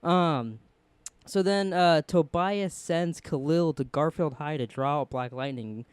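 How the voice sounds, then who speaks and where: A man's voice: fairly high pitch, unhurried, clear, resonant tone, no room sound. A man recapping a TV episode in casual chat, rambling with fillers and quoting characters in put-on voices. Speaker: show reviewer.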